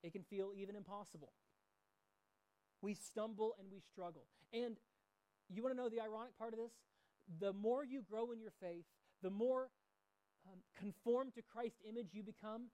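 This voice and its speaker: A man's voice: high-pitched, normal speed, mellow, no room sound, rough recording. A middle-aged man preaching a sermon in a conversational way, mixing scripture with personal stories. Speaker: pastor.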